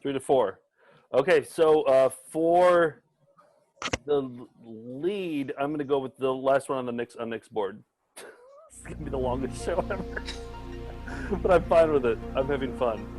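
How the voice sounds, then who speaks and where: A man's voice: mid-range voice, a little slow, long pauses, over music. A man co-hosting and playing as a quiz contestant, joking and mocking himself with some swearing. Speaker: contestant and co-host. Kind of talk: casual banter.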